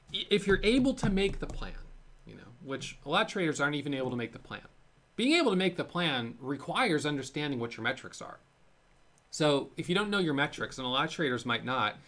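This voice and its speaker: A man's voice: medium pitch, a bit bright. A man hosting his own trading show, talking candidly and a bit self-critically, with frequent fillers as he tells stories from his own trading. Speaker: host of a day-trading show. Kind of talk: casual solo talk to camera.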